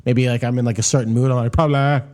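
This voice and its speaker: A man's voice: medium pitch, monotone, very fast, dark tone. A man co-hosting a comedy podcast, joking in casual chat and acting out quoted voices.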